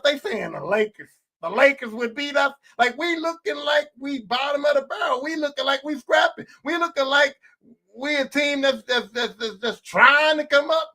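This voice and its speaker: A man's voice: very high voice, bright, forceful tone. A man hosting a podcast, delivering a heated, profane sports rant full of repeated rhetorical questions. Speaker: podcast host.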